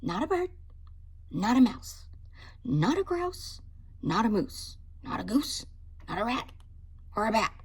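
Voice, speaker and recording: Woman playing a scolding mama cat, slow and stern. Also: a little high, big pitch swings, breathy edge, heavily acted. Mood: lecturing. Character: stern mother cat scolding her son.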